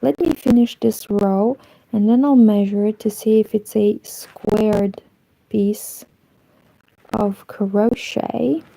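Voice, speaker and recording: A woman's voice: mid-range voice, fairly even intonation, slow pace, gravelly, warm tone, low-quality recording. A woman from Moldova, chatting casually on a crochet livestream and greeting viewers as she works.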